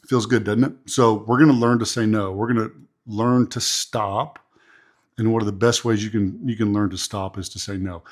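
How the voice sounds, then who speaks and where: A man, a pastor and podcast host giving a motivational leadership talk in a chatty, preachy way, repeating phrases for emphasis. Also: lowish voice.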